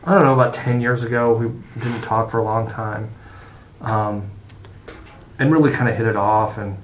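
A middle-aged man speaks as a podcast guest in loose, casual conversation, stumbling over his words and swearing freely. His voice sits at an ordinary pitch and carries a roomy echo, with a faint hiss underneath. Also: fairly even intonation. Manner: halting and profane, with many restarts.

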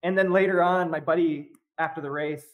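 A man's voice: fairly high pitch, steady tone, a little fast, narrow, tinny audio. A man on a podcast as a guest, telling a story in casual chat, full of fillers and breaking into laughs often.

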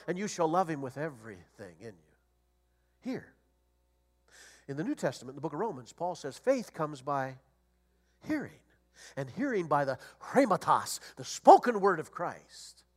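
A middle-aged or older man preaching a sermon as a guest preacher, animated and storytelling, rising to loud emphasis. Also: fairly high pitch, normal speed.

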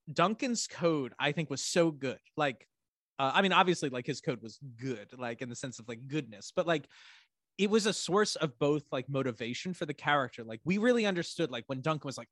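Excitable rambling man, dry close sound. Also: a little high, dry recording. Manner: rambling, filler-heavy, swears, excitable. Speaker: podcast co-host. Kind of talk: casual chat recapping a TV episode.

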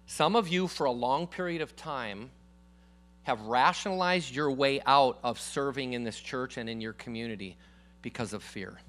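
A man preaching a sermon to a church congregation in a casual, emphatic way, calling out for amens and swinging from loud declarations to quiet asides. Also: medium pitch, normal speed. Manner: calls for congregation responses. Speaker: guest preacher.

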